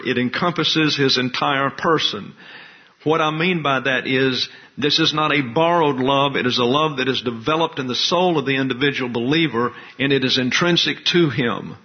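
A male preacher works slowly through his point, restating key phrases so they land. His voice sits at an ordinary middle pitch. The recording is a little dull and lo-fi. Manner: measured, methodical, repeats key phrases. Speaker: Bible teacher. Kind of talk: expository sermon.

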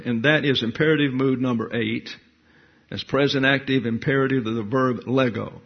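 A man's voice: mid-range voice, fairly even intonation, normal speed, gravelly, slightly rough. A man teaching a verse-by-verse Bible lecture, digressive, with wry asides and thinking aloud between points. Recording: dull lo-fi lecture recording.

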